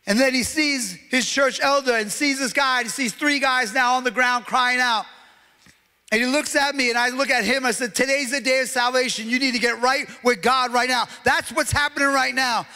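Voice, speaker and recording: Pastor, male, impassioned sermon storyteller, very high bright voice, echoing church hall. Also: fairly even intonation, normal speed, clear, resonant tone. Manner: impassioned, acts out quoted voices. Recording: long hall reverb.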